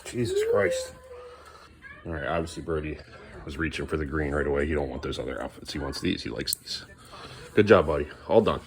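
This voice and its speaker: A man's voice: sits low, noisy background. A man filming a casual home vlog, coaxing his small son along and chatting to the camera at home at night. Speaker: father filming his family.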